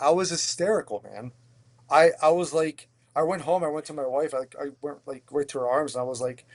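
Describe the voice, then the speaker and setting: A restaurant owner from Pennsylvania, appearing as a podcast guest, tells his story candidly and with animation. He swears freely and often stumbles over and repeats words, speaking briskly in a voice on the high side.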